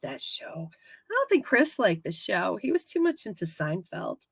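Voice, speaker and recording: A woman's voice: mid-range voice, big pitch swings, normal speed, creaky, breathy edge, no room sound. A woman from New York co-hosting a podcast, animatedly recapping an episode with lots of laughs and swearing. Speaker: podcast co-host. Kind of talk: casual episode recap chat.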